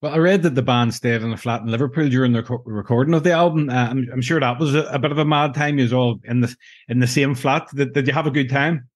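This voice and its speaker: Man, podcast host, asking questions, stammers and restarts, mid-pitched voice. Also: steady tone, fast. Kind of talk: interview questions.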